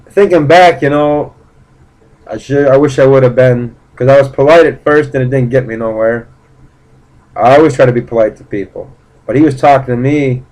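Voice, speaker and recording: A man's voice: medium pitch, darkish tone, rough recording. A man casually recounting a personal story in a blunt, profane way, rambling with fillers and restarts. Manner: blunt, profane, indignant retelling. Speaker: vlogger.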